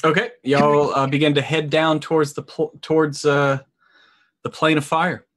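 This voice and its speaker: A man running a tabletop game as game master, narrating dramatically with drawn-out phrases and hesitations. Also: on the high side, flat delivery, fairly bright tone.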